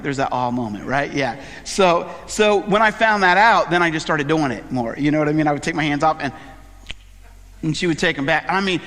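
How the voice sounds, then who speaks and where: A man's voice: on the high side, fairly bright tone, big-room sound. A middle-aged man, a pastor, preaching a conversational sermon full of fillers and personal asides. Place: church sanctuary.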